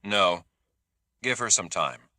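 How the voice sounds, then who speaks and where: Narrator as a guarded, clipped man speaking quietly, lowish voice. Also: expressive, takes it slowly, dry recording, clean studio sound, full character voice. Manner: terse, quiet. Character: guarded, terse man, a doctor.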